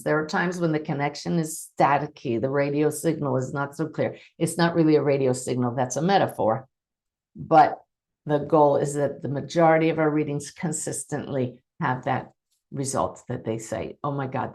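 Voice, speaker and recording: Low-voiced woman telling stories as a medium. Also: moderate pace. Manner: warm, enthusiastic storytelling, acting out quotes. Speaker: medium and host. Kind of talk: teaching talk to an online audience.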